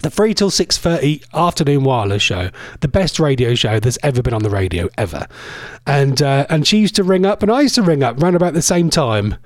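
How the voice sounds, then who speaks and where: A man's voice: mid-range voice, very animated, brisk, no echo, clean studio sound. Chatty man hosting radio. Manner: rambling, chatty, self-correcting. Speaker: internet radio host. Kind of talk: casual radio chat. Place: cold home conservatory.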